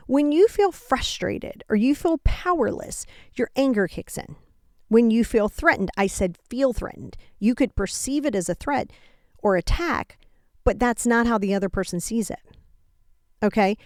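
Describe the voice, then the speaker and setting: Woman podcast host, chatty self-help advice, acts out what people say, a bit high voice, dry close mic. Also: dry recording. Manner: animated, acts out quoted exchanges, frequent asides. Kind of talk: casual self-help talk.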